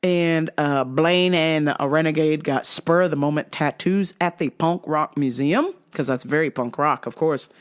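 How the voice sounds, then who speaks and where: A woman hosts a podcast and tells a casual story monologue packed with swearing, mimicked sounds, and quoted outbursts, delivered in a profane, animated way. Her voice is deep and smooth, with a measured pace and hardly any pauses.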